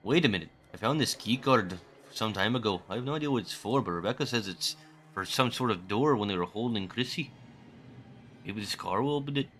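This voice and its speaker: A man voicing a polite middle-aged male townsman from a video game with a put-on Canadian accent and a low, easygoing delivery. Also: lively intonation, fairly quick, fairly bright tone, a little hiss or hum. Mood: apologetic.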